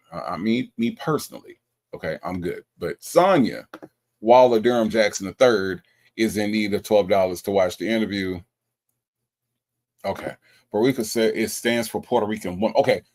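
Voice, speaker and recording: A man's voice: on the low side, darkish tone. Man, livestream host, casual chat, joking, stumbles and repeats words. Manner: chatty, joking, often stumbles and repeats himself.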